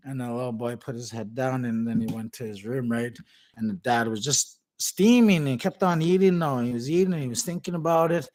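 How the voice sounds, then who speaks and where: A man vlogging, telling a story and giving motivational advice in a casual, animated way. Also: mid-range voice, a little fast. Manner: animated, conversational, preachy.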